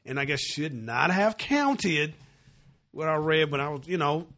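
A man's voice: on the high side, lively intonation, measured pace, a bit bright. Chill guy hosting a sports podcast, just talking loose. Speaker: podcast co-host. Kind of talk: casual sports podcast chat.

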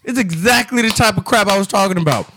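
A man's voice: sits high, fast, sharp tone, a little hiss or hum. A man co-hosting a casual sports chat, ranting in an exasperated way. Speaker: sports podcast co-host.

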